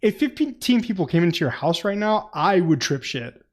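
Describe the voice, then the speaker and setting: A man's voice: high-pitched, very animated, normal speed. A man co-hosting a casual book club podcast, laughing often, swearing freely, and acting out quotes from the book. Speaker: podcast co-host.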